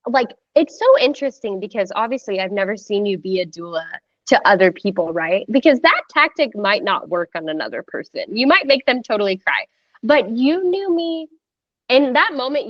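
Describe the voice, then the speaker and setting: A woman in her thirties telling her birth story in a casual, animated way, full of "like" and acted-out quotes. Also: fairly high pitch, no echo, highs cut off. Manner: animated, heavy use of "like", acts out quoted voices. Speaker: podcast guest sharing a birth story.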